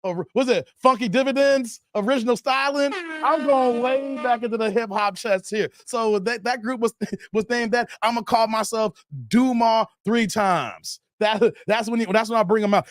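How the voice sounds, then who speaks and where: A man's voice: very high-pitched, measured pace, dry recording, studio quality. A middle-aged man hosting a live stream in casual chat, joking and laughing often. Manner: jokey, laughs often, animated.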